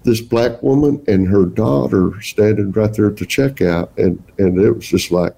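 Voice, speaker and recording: A man's voice: on the low side, moderate pace, gravelly, mellow, breathy edge, rough recording. An older man with a Texan accent, a guest telling folksy, rambling stories in a casual interview. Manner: folksy, rambling storyteller with chuckles. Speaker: guest Santa performer.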